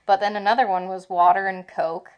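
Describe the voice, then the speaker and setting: A woman's voice: mid-range voice, a little fast, highs cut off. Chatty woman retelling a trip. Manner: chatty, animated retelling with swearing. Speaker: travel vlogger. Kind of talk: casual chat.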